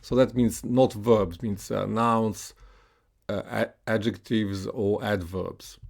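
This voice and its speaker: Low slow guy teaching english pronunciation, lots of uh and right?, says words slowly for you to repeat. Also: fairly even intonation, vocal fry, a little mellow. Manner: slow, patient, with frequent "uh" and "right?" checks. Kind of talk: classroom pronunciation lesson.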